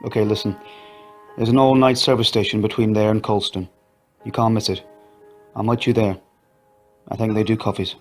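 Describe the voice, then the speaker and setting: Male reader doing a tired, methodical inspector, lowish and steady. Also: normal speed, pauses often, faint music behind, natural voice. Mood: patient. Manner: patient, questioning. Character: weary police inspector, patient and methodical.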